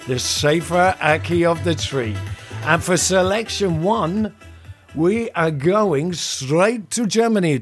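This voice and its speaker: Playful man hosting a podcast. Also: sits high. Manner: playful, jokey, upbeat presenting. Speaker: podcast host. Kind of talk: scripted podcast intro and preview.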